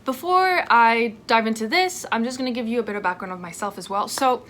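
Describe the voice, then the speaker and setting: A woman in her twenties from France, talking casually in a sit-down vlog at home, chatty and lively with asides. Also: on the high side, brisk. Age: 20s. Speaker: vlogger. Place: home indoors. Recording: faint dishwasher noise at home. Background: dishwasher noise.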